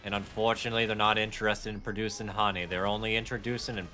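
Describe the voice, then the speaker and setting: A drawling southern rancher, as a man puts him on, rambles on in a slow, folksy way with a Southern US accent. His voice sits a bit low but rings bright and tense, and faint game music plays underneath. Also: little pitch movement.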